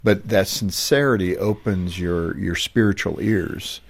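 Animateur à la voix grave et rocailleuse. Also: male voice, low-pitched, unhurried, vocal fry. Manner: thoughtful, probing questions. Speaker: host. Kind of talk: interview hosting.

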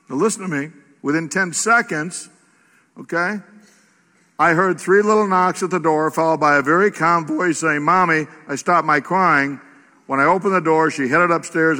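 A man preaching a sermon in a church, reading aloud and then speaking with animated, exclamatory emphasis. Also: on the high side. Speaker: pastor. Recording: echoey church hall.

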